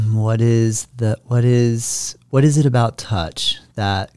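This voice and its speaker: A male interviewer asking thoughtful questions in an unhurried way, often murmuring agreement. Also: medium pitch, dark tone, smooth, dry recording, studio quality. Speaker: interviewer, host. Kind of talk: conversational interview.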